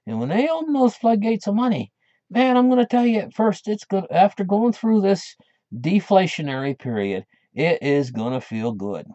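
A man's voice: sits high, animated, normal speed, mellow, dry recording. A man hosting his own channel, talking in a casual monologue that rambles, with many restarts. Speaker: channel host. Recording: dull lo-fi dry recording.

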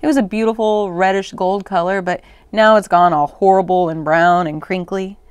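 Woman voicing a reassuring storybook dad, gentle, explaining, low-key. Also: fairly even intonation, normal speed, smooth, no room sound, lightly acted. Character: calm reassuring father, adult man.

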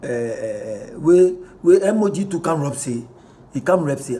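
A Ghanaian-accented man talks through online posts in a lively, playful vlog style, switching between pidgin and English. His voice sits a little high but sounds soft and dark in tone. He chuckles often as he reacts. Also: normal speed. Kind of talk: casual commentary reading posts aloud.

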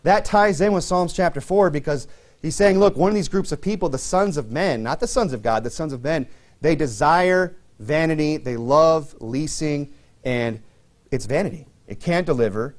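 Man preaching a conversational sermon. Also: normal speed. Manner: conversational preaching, many fillers, rises in pitch for emphasis. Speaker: pastor.

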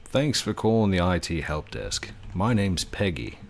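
A man's voice: low-pitched, sing-song, unhurried, creaky, faint music behind, full character voice. A man voicing a blunt Australian tech help desk worker, curt and matter-of-fact with a slightly condescending manner. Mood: brisk.

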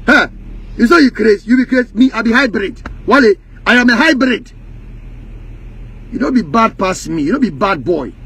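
A Ghanaian man speaking in Pidgin English, his voice pitched unusually high for a man. He rants heatedly and mockingly to the camera, now and then breaking into sing-song taunts. His tone has a husky, breathy edge throughout. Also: animated, moderate pace, a bit bright. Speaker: music industry commentator.

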